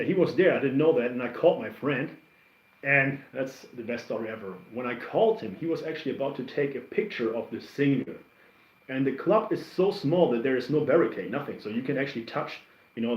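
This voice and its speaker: Rambling man chatting on a roomy stream. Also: medium pitch. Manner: rambling, animated storyteller with many restarts. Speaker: livestream host reacting to music. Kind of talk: casual livestream chat answering comments. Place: home. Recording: roomy, somewhat dull stream audio.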